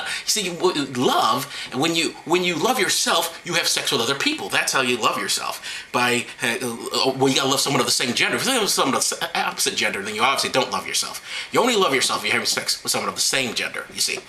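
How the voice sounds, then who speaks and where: Man, host, sarcastic mock-serious monologue, high bright voice that swings widely, often cracks up. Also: a little hiss or hum, rough recording. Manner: sarcastic, keeps breaking into laughter. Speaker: video host.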